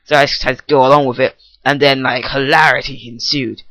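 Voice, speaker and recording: A man's voice: mid-range voice, flat delivery, fairly quick, sharp tone, no room sound. A teenage boy doing an improvised comic rant while testing his microphone, rambling and goofy, often cutting himself off. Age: teens. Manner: rambling, goofy, self-interrupting. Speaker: vlogger. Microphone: testing a new microphone.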